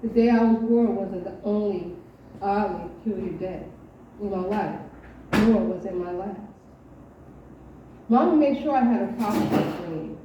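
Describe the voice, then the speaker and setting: A woman at an open mic, reading her own short story aloud in a measured storytelling voice, with hesitant asides between pieces. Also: mid-range voice, background noise. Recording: echoey dull room from far off.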